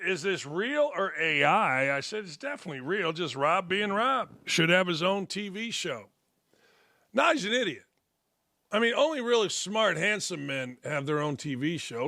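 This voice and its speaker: A man's voice: high voice, sharp tone, no room sound. An older man hosting a sports talk show, giving blunt, mocking opinions with rambling asides on a studio mic. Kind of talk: opinionated commentary.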